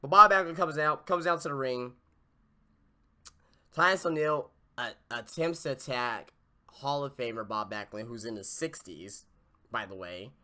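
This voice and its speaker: A man's voice: mid-range voice, unhurried, bright, forceful tone. A man hosting a podcast who gives a casual, profane, exasperated spoken review. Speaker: podcast host. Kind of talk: casual wrestling review rant.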